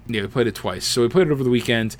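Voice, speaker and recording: A man's voice: mid-range voice, very fast, slight background noise. A man hosting a casual gaming podcast, rambling and joking at his own slip-ups. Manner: rambling, self-mocking, loose. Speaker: podcast host.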